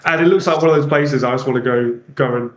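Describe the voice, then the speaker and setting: A man co-hosting a football podcast, chatting in an animated way with lots of fillers. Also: medium pitch, fast talker. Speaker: podcast co-host. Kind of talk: casual chat.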